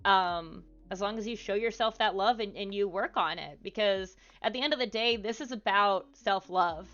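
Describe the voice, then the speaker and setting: A woman's voice: mid-range voice, normal speed, fairly bright tone, muffled recording, soft background music. A woman streamer talking casually to her live chat, with lots of fillers and asides. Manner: chatty, frequent fillers.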